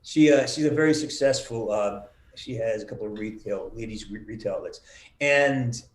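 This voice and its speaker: A middle-aged man being interviewed over a video call, telling lively stories and acting out the quotes, with some swearing. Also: on the low side, normal speed. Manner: animated storyteller, acts out quotes with swearing. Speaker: voice actor guest. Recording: roomy video call audio.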